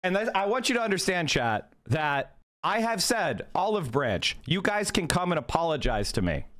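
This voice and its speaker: A male livestreamer talks straight to his chat in a heated, emphatic rant. His voice sits high for a man. He swears freely and repeats phrases to drive each point home. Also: very animated, normal speed, a bit bright. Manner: profane. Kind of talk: livestream commentary, reacting to chat.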